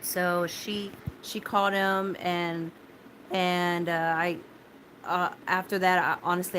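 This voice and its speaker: A woman telling viewers about a frightening experience in a halting, repetitive way, with many restarts and blunt swearing. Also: fairly low pitch, a bit bright, a little hiss or hum. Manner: shaken but steadying, talking straight to viewers. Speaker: vlogger recounting a personal ordeal. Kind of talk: casual spoken personal story.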